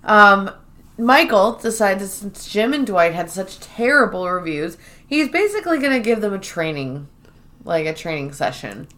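A woman co-hosting a casual podcast, retelling scenes and acting out the lines in lively bursts. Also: medium pitch, moderate pace. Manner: animated storyteller, acts out quoted lines. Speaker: podcast co-host. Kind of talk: casual recap chat.

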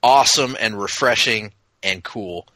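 A man co-hosting a casual TV recap chat, talking enthusiastically in quick bursts with frequent restarts. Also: lowish voice, sharp tone, dry recording, poor audio. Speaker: podcast co-host.

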